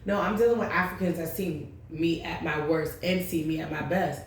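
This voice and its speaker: A woman who hosts a tarot channel tells a long personal story vlog-style, casually rambling, blunt and profane. Her voice is low-pitched with a steady tone at a moderate pace, and the very echoey room recording carries a little hiss or hum.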